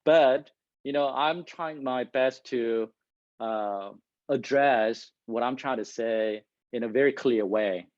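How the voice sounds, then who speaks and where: A man who speaks English as a second language, giving a lively, loud talk to a live and online audience, laughing often and asking the room "right?". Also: medium pitch, slow pace, dry recording. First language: not English. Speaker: guest speaker. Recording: dull lo-fi recording.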